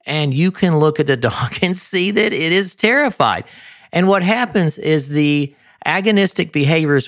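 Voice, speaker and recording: A man's voice: a little high, dry recording. A man hosting a podcast, giving dog-training advice in an emphatic, sometimes ranting monologue into a close mic.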